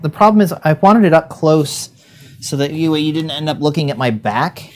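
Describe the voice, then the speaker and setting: A man's voice: a little high, moderate pace, background noise. A man hosting a casual livestream, talking through his hands-on build as he works. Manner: relaxed, narrates hands-on work as he goes. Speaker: livestream host building a 3D printer.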